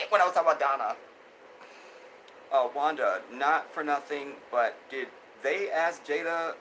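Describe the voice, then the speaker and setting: A man's voice: a little high, bright, forceful tone, slight background noise, low-quality recording. A man hosting a casual live stream, reading viewer comments aloud and reacting with lots of laughter and repeated phrases. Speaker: host.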